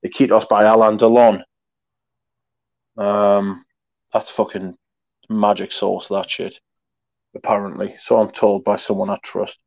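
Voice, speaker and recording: A man chatting casually about his collection over a video call, rambling with many pauses, restarts and swear words. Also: on the low side, flat delivery, creaky, dry recording, highs cut off. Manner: laid-back, rambling, many ums and restarts. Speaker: perfume collector guest showing his collection. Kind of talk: casual chat, swearing freely.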